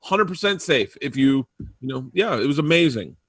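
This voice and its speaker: A male comedian guest telling stories in an interview, animated and acting out quoted lines. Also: mid-range voice, normal speed, slightly rough, dry recording, studio quality. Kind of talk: storytelling in an interview.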